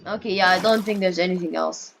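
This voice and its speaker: A woman's voice: fairly low pitch, fairly even intonation, quick pace, gravelly, slight background noise. A woman casually commenting on her gameplay, playfully talking to the characters on screen and pleading with them in mock panic. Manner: playful, talks to game characters, yelps and mock pleas. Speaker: gaming video creator.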